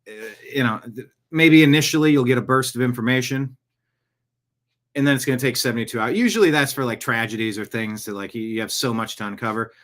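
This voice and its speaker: A man's voice: mid-range voice, quick pace, a bit bright. A man hosting his own podcast in a casual, rambling monologue full of jokey asides. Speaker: podcast host. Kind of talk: casual live-show monologue.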